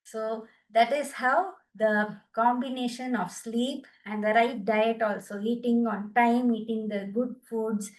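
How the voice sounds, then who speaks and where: With a steady, rather high voice, a woman with an Indian English accent talks a bit slowly and barely pauses as she cues exercises for a group wellness session. She's a yoga and laughter therapy teacher, upbeat and encouraging, laughing in bursts, and the mic is far from her.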